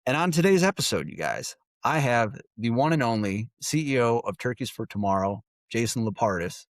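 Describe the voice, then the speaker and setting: A man's voice: medium pitch, sing-song, moderate pace, no echo. A man hosting an outdoors podcast, upbeat and enthusiastic in casual chat. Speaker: podcast host.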